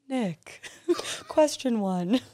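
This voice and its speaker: A woman in her twenties co-hosting a podcast, chatting casually and laughing often. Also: a little high. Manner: giggly, animated, quick to laugh. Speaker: podcast co-host. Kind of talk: casual chat.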